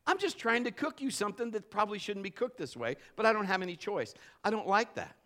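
A man preaching and telling a personal story, animated, swinging from shouts to hushed storytelling. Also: high-pitched, quick pace. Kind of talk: sermon with personal testimony.

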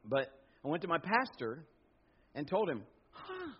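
Man, middle-aged, pastor, sermon, storytelling with quoted voices, slightly high voice, muffled lo-fi. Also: moderate pace, husky. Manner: storytelling preacher, animated asides and quoted voices. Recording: dull lo-fi sound.

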